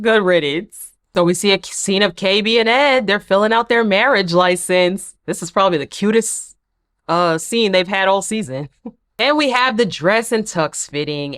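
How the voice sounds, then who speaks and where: A woman's voice: mid-range voice, fairly bright tone. A woman vlogger giving a sassy, chatty, opinionated recap of a TV episode. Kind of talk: casual recap commentary.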